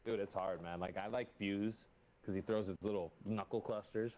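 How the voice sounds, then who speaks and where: A man playing a video game with a friend over voice chat, excitable and swearing often. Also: fairly low pitch, normal speed, a little hiss or hum. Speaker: teammate on voice chat. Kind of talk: casual gaming chat.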